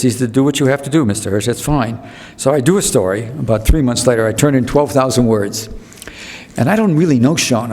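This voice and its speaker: An American man in his eighties, his voice medium in pitch and darkish in tone, tells rambling anecdotes as a guest speaker at a public talk. He interrupts himself, restarts sentences, and acts out other people's lines, with a long hall reverb on the recording.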